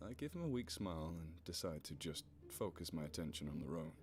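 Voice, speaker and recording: A man reading a first-person story aloud in a steady, plain manner. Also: rumbling low, a little fast. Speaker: story narrator.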